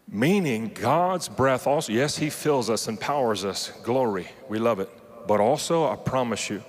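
Male preacher, lowish voice, earnest and teasing, live hall with long reverb. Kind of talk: sermon. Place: large conference hall.

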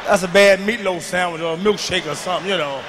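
A man performing a stand-up comedy routine on a big stage, telling profane stories with a swagger, jumping between shouts and low asides. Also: fast, big-room sound, background noise. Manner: loud, swaggering, profane storytelling with sudden shouts and drops to a murmur. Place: large live venue on stage.

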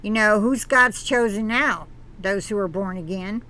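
Woman, channel host, reads an article aloud slowly with preachy asides; bright, fairly high voice. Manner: earnest, preachy asides between read passages; halting, with restarts. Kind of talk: reading an article aloud with commentary.

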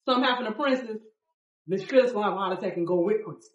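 A woman biker telling the story of her ride in a group interview, dramatic and acting out quotes, swinging from loud to hushed. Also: medium pitch, rapid-fire, reverberant, recorded from a distance, dull audio.

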